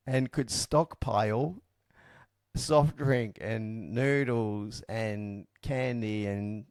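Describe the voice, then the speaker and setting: Low-voiced man, dry and frank. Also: drawn-out words, smooth, no room sound. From Australia. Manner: reflective, frank, with frequent fillers and restarts. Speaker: podcast guest telling his story. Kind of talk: casual storytelling.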